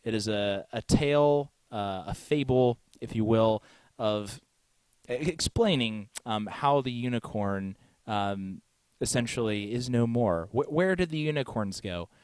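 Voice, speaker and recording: A man's voice: medium pitch, animated, measured pace, darkish tone, smooth, no room sound. A man hosting a live music stream, chatting casually with lots of fillers and frequent chuckles.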